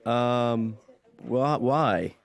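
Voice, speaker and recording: An actor playing an awkward, nervous young man who halts and mumbles through his words. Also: medium pitch. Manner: hesitant, mumbling, full of halting pauses.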